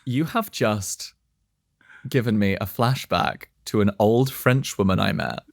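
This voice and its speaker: A man co-hosting a casual comedy podcast, giving wry, deadpan advice to listeners. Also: lowish voice, measured pace, creaky, no echo. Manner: dry, wry agony-uncle advice. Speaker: podcast co-host.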